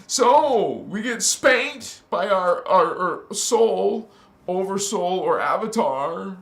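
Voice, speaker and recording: Lively, laughing man with gravelly voice. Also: high-pitched, very slow, pauses often, reverberant. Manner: animated, laughs often, street slang. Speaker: livestream host. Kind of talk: casual spiritual talk. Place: bedroom, on a squeaky bed.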